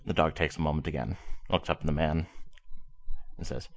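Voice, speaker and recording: Deep-voiced man telling a long joke. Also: fairly even intonation, fairly quick, long pauses. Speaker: joke teller. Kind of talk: storytelling a joke.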